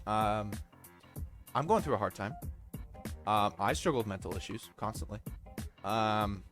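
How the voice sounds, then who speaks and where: A man's voice: on the low side, lively intonation, a little slow, a bit bright, faint music behind. A man commenting over gameplay footage, ranting bluntly, swearing freely and explaining himself at length. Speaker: gaming video creator.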